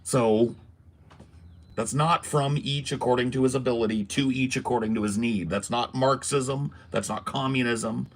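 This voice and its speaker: A man's voice: mid-range voice, fairly even intonation, moderate pace. A man hosting a casual podcast, talking emphatically in a ranting, swearing style. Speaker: podcast host. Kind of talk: casual political podcast talk.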